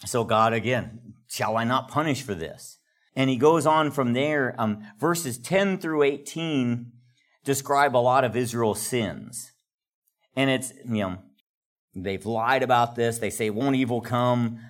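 A man leading a conversational Bible study, explaining verses in a relaxed way with chatty asides. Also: medium pitch, unhurried.

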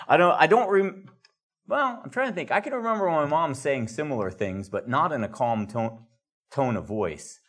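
A man leading a conversational Bible study, explaining verses in a relaxed way with chatty asides. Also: a little high, normal speed.

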